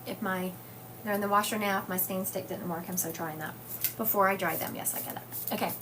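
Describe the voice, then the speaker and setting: A mid-range, fairly even voice moves at a brisk pace over background noise from a phone or webcam livestream. Its owner, a psychic medium from the US South, chats casually with viewers and reads their comments aloud, using fillers frequently.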